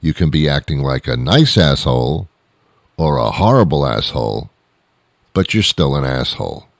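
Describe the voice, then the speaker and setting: Man, comedic host, very low voice, lively pitch swings, rambling exasperated rant. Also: moderate pace, gravelly, dry recording, studio quality. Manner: rambling, exasperated ranting with restarts. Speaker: radio show host. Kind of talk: comedic monologue.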